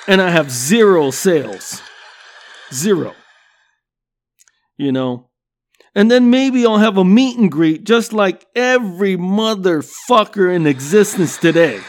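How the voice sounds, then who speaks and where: A man hosting a comedy podcast, ranting with constant swearing and laughing at his own jokes. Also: sits high. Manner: swears constantly, laughs at own jokes, "you know what I'm saying". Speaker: podcast host. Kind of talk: profane comedic rant.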